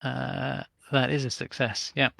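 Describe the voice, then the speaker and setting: A man's voice: mid-range voice, level tone, a little slow, creaky, pushed and bright, no room sound. A man playing a tabletop game, carefully asking questions and planning his character's moves. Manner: careful, asks clarifying questions. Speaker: player.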